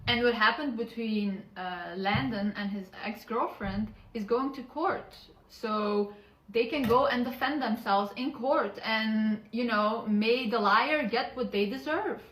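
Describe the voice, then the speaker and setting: A woman's voice: fairly high pitch, a little slow, fairly bright tone, echoey room, rough recording. A woman defending her sister in a personal statement video, insistent and defensive.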